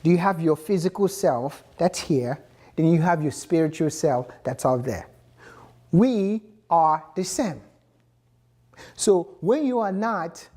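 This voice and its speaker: A young man in a motivational vlog monologue, upbeat and preachy, who pauses and restarts mid-sentence. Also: a little high, mellow. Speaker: motivational vlogger.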